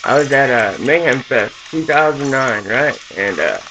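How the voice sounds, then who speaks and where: A young man from Southern California rants to his own camera, profane and rambling, with "you know" and "dude" everywhere. His voice sits at an ordinary middle pitch with a rough, gravelly edge. A loud sizzling hiss runs under the camera-mic recording. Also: expressive, measured pace, low-quality recording. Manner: profane, rambling, full of fillers. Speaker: vlogger. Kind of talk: casual rant to camera.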